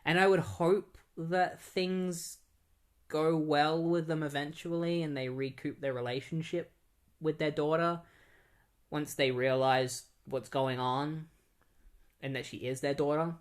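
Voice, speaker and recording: A man's voice: fairly high pitch, fairly even intonation, unhurried. A young man casually recapping and reviewing a comic book in a rambling, conversational way.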